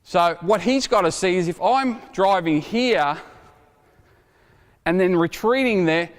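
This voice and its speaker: Energetic man coaching on a court. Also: high-pitched, slow pace. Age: 40s. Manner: energetic, joking, calls out drill instructions. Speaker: basketball coach. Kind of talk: coaching clinic demonstration. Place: indoor basketball court. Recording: reverberant gym hall. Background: basketballs bouncing.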